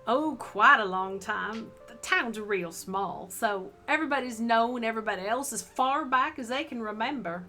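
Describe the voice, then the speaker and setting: A friendly young woman from a small town, read by a woman streamer, easygoing and unhurried as she reminisces. The voice sits somewhat high. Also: sharp tone, exaggerated voice.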